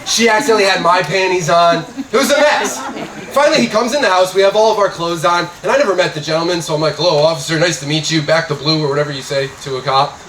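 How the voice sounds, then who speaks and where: Young male stand-up, deadpan with loud punchlines, roomy and noisy club sound. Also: sits high, fast talker. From Scranton, Pennsylvania, USA. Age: young adult. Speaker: stand-up comedian. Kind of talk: stand-up comedy set. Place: comedy club stage before a live audience. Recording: roomy club audio from a distance with noise.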